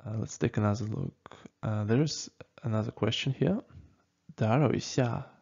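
A man teaching a casual spoken language lesson, talking slowly and haltingly with many fillers and frequent "okay?" checks. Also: on the low side, creaky, darkish tone. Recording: dull lo-fi recording.

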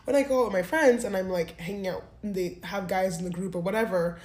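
A woman's voice: medium pitch, fast talker, a little mellow. A young woman in her twenties recounts her night out in a candid, rambling way, scattering "like" through her talk. Her voice rings back off the walls of a roomy space. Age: 20s. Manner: candid, rambling, heavy use of "like". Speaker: vlogger. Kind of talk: casual storytelling to camera. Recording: roomy echo.

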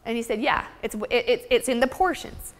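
A high-voiced woman lecturing at a seminar, upbeat and chatty with the audience. Her voice rings with a long reverb through the hall. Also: a little fast. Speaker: nutrition seminar presenter. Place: seminar room.

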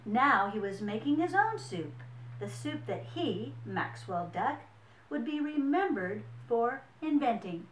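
Expressive woman reading a picture book aloud. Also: a little high, a little hiss or hum. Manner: expressive, unhurried storytelling. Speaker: storyteller. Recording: echoey room.

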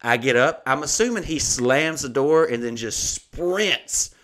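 Brief: male comedian host, mid pitch, heated and profane anecdote delivery. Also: animated, measured pace, fairly bright tone. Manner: heated, swearing, acts out quoted people.

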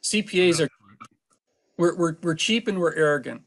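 A man's voice: on the high side, moderate pace, a bit bright, a little hiss or hum. A man who is an accountant and author, answering interview questions with emphatic, teasing explanations and everyday examples.

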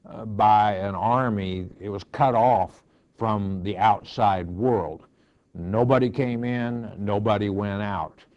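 Slow, low-voiced older pastor teaching scripture. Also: male voice, darkish tone. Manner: unhurried, reads scripture aloud then explains it, frequent "uh" fillers. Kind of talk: verse-by-verse Bible teaching. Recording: dull lo-fi recording.

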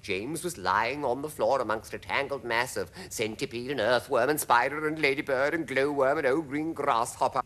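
A man's voice: medium pitch, moderate pace, hardly any pauses, a bit bright. A man with a British English accent reading a children's story aloud in a theatrical way, with dramatic swoops. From Britain. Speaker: reader. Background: music.

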